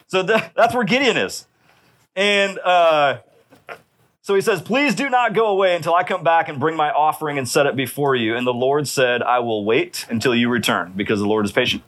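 A man's voice: on the high side, animated, moderate pace, a bit bright. A man preaching a sermon in a conversational way, often checking in with his listeners. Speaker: pastor.

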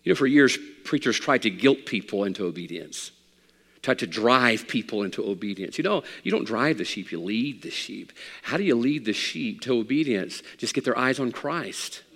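A middle-aged man preaching a sermon as pastor, animated and rising to near shouts. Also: medium pitch, normal speed, big-room sound. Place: church sanctuary.

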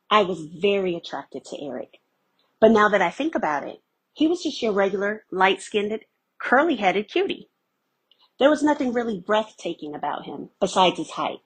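A woman's voice: medium pitch, breathy edge. A woman giving scripted first-person narration of a story, telling it in a candid, wry way.

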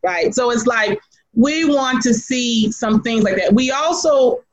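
A woman being interviewed as a guest, telling stories in an animated, laughing way and talking frankly about motherhood. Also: fairly high pitch, measured pace. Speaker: guest, artist and teacher. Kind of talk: casual storytelling interview. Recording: dull lo-fi sound.

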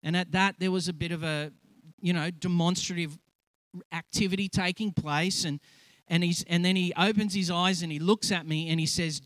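A man tells a lively story from the church stage, his voice sitting a little high. He acts out the quotes with feeling, and the sound is close and dry. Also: fairly quick, no echo, poor audio. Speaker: church speaker. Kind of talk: testimony sermon.

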